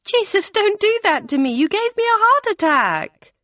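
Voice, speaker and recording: Woman voicing a startled young student, shrill and sharp. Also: extremely slow, no room sound, full character voice.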